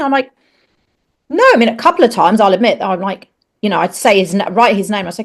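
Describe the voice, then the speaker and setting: A woman's voice: mid-range voice, a little fast. Frank woman telling a painful story. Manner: animated, acts out the dialogue in raised voices; frank, swears freely. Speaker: podcast guest, actress. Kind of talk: candid personal storytelling.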